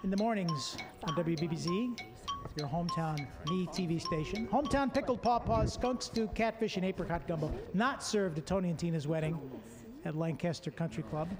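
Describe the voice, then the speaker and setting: A man hosting a game show with a jokey, energetic delivery and frequent sponsor plugs. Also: sits high, brisk, in a large hall, over music.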